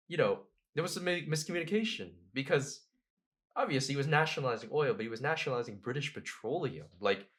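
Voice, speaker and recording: Podcast guest: man, lively slangy storyteller, mid-pitched voice. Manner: animated, laughing storyteller with slangy asides. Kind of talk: casual podcast conversation.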